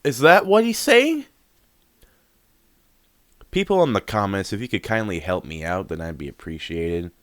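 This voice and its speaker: A man reacts casually on camera, swearing freely and thinking out loud. His low voice swings widely in pitch while he talks slowly. The recording is dry and close. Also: big pitch swings, dry recording. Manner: swears freely, exclaims and muses aloud. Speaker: reaction video host.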